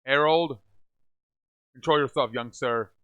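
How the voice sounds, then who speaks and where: A man hosting a live sports reaction stream, scolding chat viewers over and over and calling the plays in a loud, repetitive way. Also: mid-range voice, a little slow, smooth. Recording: dull lo-fi stream audio.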